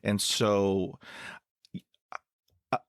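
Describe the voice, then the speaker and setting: Slow-talking stuttering male podcast host. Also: lowish voice, level tone, smooth, no room sound, clean studio sound. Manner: slow, halting speech with stutter blocks. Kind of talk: podcast interview.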